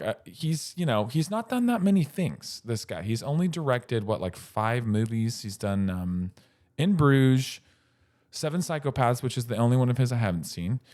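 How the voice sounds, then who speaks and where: A man's voice: on the low side, darkish tone. A man in his thirties co-hosting a casual podcast, talking enthusiastically and rambling, with many fillers and restarts. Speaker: podcast co-host. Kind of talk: casual chat.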